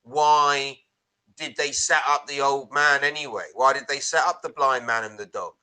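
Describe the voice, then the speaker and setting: Bright, animated man on a podcast. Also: mid-range voice, moderate pace, clear, resonant tone. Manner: animated, swearing, rambling retelling. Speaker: podcast co-host. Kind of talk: casual film-review chat.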